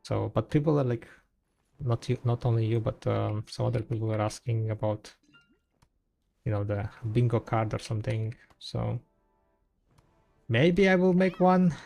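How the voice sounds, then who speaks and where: A man's voice: fairly low pitch, level tone, normal speed, vocal fry, mellow, faint music behind. A man chatting casually on a gaming stream in a rambling, laid-back way, full of fillers and restarts. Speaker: game streamer.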